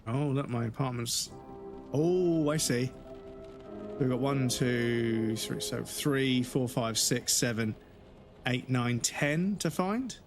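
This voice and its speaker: A man's voice: medium pitch, steady tone, slow pace. A man in his forties streaming a game live, talking casually to his chat and swearing freely. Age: 40s. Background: game music.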